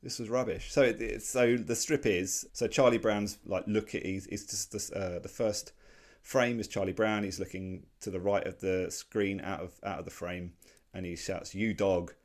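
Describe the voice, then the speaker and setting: With a deep, steady voice at normal speed and few pauses, a man in his forties co-hosts a casual podcast discussion of comic strips. He rambles through his points, full of restarts and fillers.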